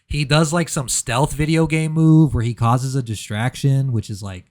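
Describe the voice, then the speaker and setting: Male movie reviewer, casual and sarcastic, prone to mock-outraged rants, middle pitch. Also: steady tone, normal speed, darkish tone.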